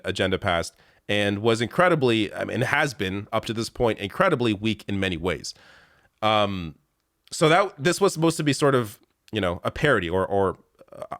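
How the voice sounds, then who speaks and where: A male political commentator in a heated solo monologue, sarcastic and exasperated as he rattles through lists. His voice sits at an ordinary middle pitch. The recording is close and dry, with no room sound. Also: a bit bright, no room sound.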